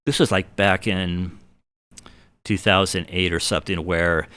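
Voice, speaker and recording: A man's voice: low voice, a little slow, smooth, no echo. A middle-aged man telling a rambling, self-deprecating story in a casual chat, acting out what people said. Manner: animated anecdotes with acted-out quotes. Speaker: guitar builder guest.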